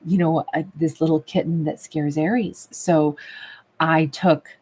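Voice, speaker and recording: A woman tarot reader in a casual livestream, chatting affectionately with viewers and calling them babe and love, a little rough from a recent cough. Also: sits low, fairly even intonation, a little slow, a little mellow. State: recovering from a cough. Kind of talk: livestream chat reading viewer comments.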